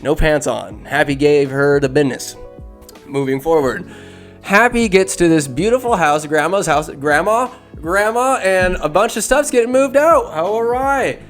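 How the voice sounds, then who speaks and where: Dude hosting a podcast, pumped and swearing, kinda high voice, soft music behind. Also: male voice, normal speed. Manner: animated, profane, jumps between character voices. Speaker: podcast host. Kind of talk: excited movie retelling.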